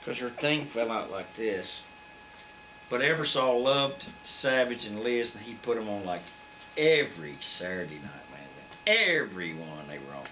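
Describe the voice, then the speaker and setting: His pitch is fairly low and his delivery a little slow: a man in his fifties with a drawl, once a wrestler, now a shoot-interview guest. He tells his stories bluntly, profanely and with animation, while faint background noise lingers.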